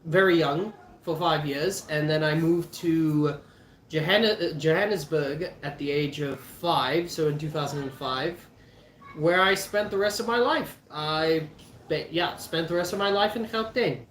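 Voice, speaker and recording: A man's voice: on the high side, unhurried, fairly bright tone, a little hiss or hum. A young man in his twenties with a South African accent, chatting casually to camera in a rambling, jokey way with lots of restarts. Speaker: vlogger. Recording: echoey room.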